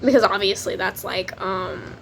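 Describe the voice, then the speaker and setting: A woman's voice: medium pitch, fairly even intonation, moderate pace, vocal fry, slight background noise. A young woman, chatting casually to camera about books, swearing freely and laughing often. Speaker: book vlogger.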